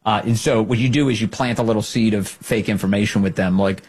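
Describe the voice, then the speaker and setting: Husky-voiced man, mocking commentary. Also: lowish voice, fairly even intonation, quick pace, a little mellow. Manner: sarcastic, mocking. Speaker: show host. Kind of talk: political commentary monologue.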